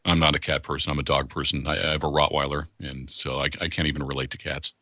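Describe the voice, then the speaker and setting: A man's voice: very deep voice, little pitch movement, fast, sharp tone, no echo, studio quality. A man who works as a voice actor, talking candidly in a casual interview and rambling with restarts. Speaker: voice actor guest.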